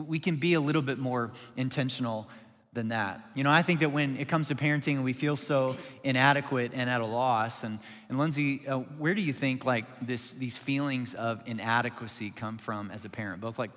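A man's voice: mid-range voice, a little fast, fairly bright tone, in a large hall. A man in his forties, a pastor, telling a candid parenting story in casual chat, self-deprecating and full of restarts. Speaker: pastor and podcast co-host.

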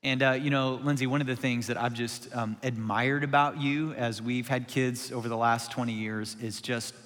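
A man's voice: mid-range voice, steady tone, moderate pace, fairly bright tone, big-room sound. A man in his forties, a pastor, telling a candid parenting story in casual chat, self-deprecating and full of restarts. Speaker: pastor and podcast co-host.

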